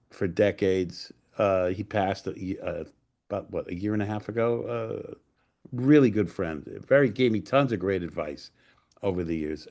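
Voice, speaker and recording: A man's voice: lowish voice, darkish tone. A man in his sixties, a screenwriter, telling stories casually as an interview guest; rambling and profane, with lots of fillers and restarts. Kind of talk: casual anecdotal storytelling.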